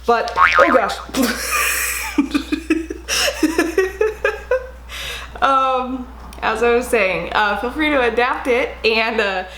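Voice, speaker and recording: A woman's voice: fairly high pitch, unhurried, slight background noise. Chatty young woman in an echoey room. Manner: chatty, rambling with fillers; calm, quieter voice-over narration. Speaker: beauty vlogger. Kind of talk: casual makeup tutorial.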